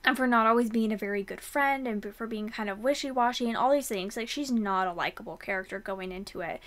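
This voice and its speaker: A young woman chatting casually about books she read, rambling with fillers and quick restarts. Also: mid-range voice, fairly bright tone. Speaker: book vlogger. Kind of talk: casual book review chat.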